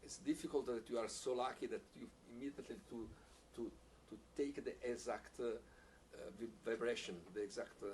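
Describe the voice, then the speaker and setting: A man teaching a piccolo masterclass, speaking haltingly, repeating words and using non-native phrasing, with frequent small laughs. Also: medium pitch, steady tone, a little mellow. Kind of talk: masterclass teaching, answering questions. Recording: distant mic with faint background hiss.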